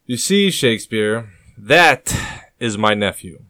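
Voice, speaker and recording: A man's voice: on the low side, expressive, slow, bright, forceful tone, no room sound, clean studio sound, exaggerated voice. A man voicing the commanding leader of a rebel group, speaking sharply and with proclamation, in an audiobook. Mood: chiding.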